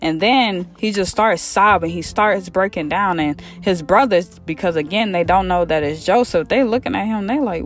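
A man retelling a Bible story in a casual, lively way, acting out the characters' lines in slang and repeating himself as he goes. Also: sits high, moderate pace, few pauses, faint music behind. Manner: animated, acts out quotes in slang, repeats himself. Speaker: podcast storyteller.

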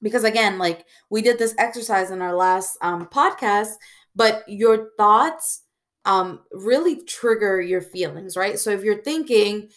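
A woman hosting a podcast, giving casual advice in a reflective way, often pausing on "um" and checking in with "right?". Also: medium pitch, a bit bright. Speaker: podcast host.

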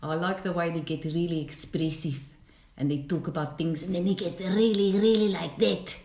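A woman's voice: lowish voice, fairly even intonation, moderate pace, darkish tone, roomy sound, slight background noise. A Scottish woman chatting casually as a podcast co-host, giggly and a little scattered. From Scotland. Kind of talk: casual chat.

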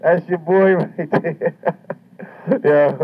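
A man's voice: on the high side, steady tone, extremely slow, slightly rough. A man doing a stand-up comedy routine, brash and swaggering, with heavy profanity. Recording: muffled lo-fi recording.

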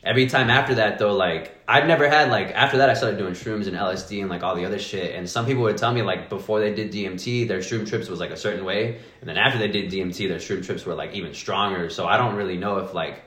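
A man's voice: on the low side, fast, few pauses, a bit bright. A man telling stories in a casual podcast chat, full of slang, swearing and "like" fillers. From Mexican roots. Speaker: podcast guest. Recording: echoey room.

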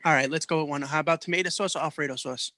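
A man co-hosting a podcast, telling a story in a profane, animated way. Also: a little high, rapid-fire, no echo. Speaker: podcast co-host. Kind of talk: casual chat.

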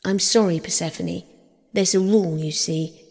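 A woman's voice: fairly low pitch, fairly even intonation, normal speed, creaky, a little mellow, breathy edge. A woman voicing a stern male messenger god who speaks urgently and commandingly. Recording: long hall reverb.

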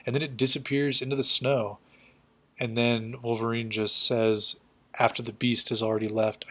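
A man's voice: mid-range voice, steady tone, moderate pace, bright, forceful tone. A man giving a casual, chatty recap of a comic book story, full of loose fillers.

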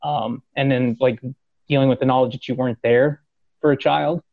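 A man's voice: normal speed, gravelly, no echo, phone-quality sound. A man hosting a podcast, telling a fan story in casual chat, acting out quotes, laughing and swearing. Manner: animated, acts out quotes with rising pitch, swears, laughs. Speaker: podcast host.

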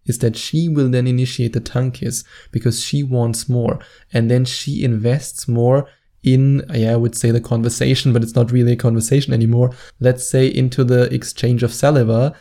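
Confident male dating coach with a dark, gravelly voice, for a straight-to-camera advice spot. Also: mid-range voice. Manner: confident and instructive, drawing out words for emphasis. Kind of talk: direct-to-camera advice monologue.

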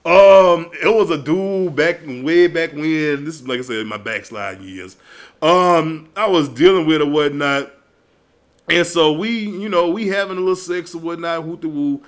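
A man telling stories in a casual comedic monologue, animated and profane, often breaking into laughs. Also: fairly high pitch, moderate pace. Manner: animated, profane, loud storytelling with frequent laughs.

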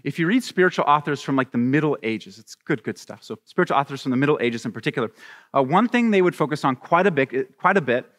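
A man preaching a sermon as a pastor, animated and acting out little scenes with voices. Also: fairly high pitch, long reverb tail.

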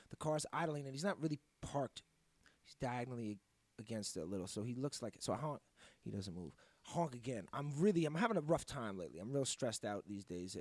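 A man hosting a podcast, telling a story in a casual, profane, animated way. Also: mid-range voice, no echo. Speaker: podcast host.

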